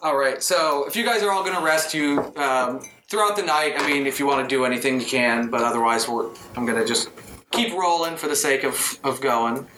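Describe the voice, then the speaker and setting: A man's voice: medium pitch, brisk, noisy background. A man running a tabletop game as dungeon master, narrating loosely with many fillers. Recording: roomy room with violin music behind.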